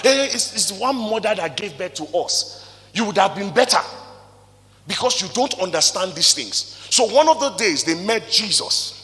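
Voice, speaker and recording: Bright, high-voiced Nigerian motivational speaker. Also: male voice, normal speed. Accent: Nigerian English. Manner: animated, rhetorical questions, big swings in loudness. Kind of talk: motivational talk to a live audience. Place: stage in a hall before an audience. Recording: long reverb of a large hall.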